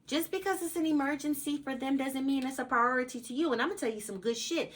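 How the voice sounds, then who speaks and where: A woman's voice: sits high, fast. A woman hosting an advice channel, giving a casual motivational talk in a blunt, emphatic way, swearing freely and repeating her points for emphasis.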